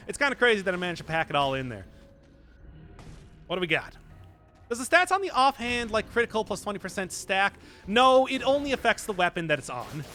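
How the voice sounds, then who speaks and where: A young man live-streaming a game, chatting casually and answering chat in an animated, self-mocking way. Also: high voice. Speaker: gaming streamer.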